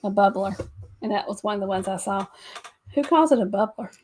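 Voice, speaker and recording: A woman's voice: medium pitch, lively intonation, fast, darkish tone, slight background noise. A woman co-hosting a casual livestream chat, laughing often between remarks. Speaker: livestream co-host.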